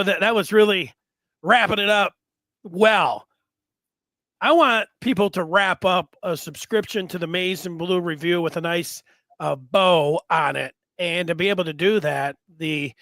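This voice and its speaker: A man hosting a sports talk show, slightly hoarse from a cold, talking in an excitable, rambling way. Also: high-pitched, no room sound. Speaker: sports podcast host.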